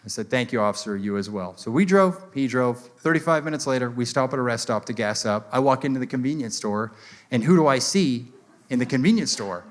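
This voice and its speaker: A young man performing a stand-up comedy set on a stage mic, acting out characters in quick voices. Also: medium pitch, animated. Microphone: handheld stage mic.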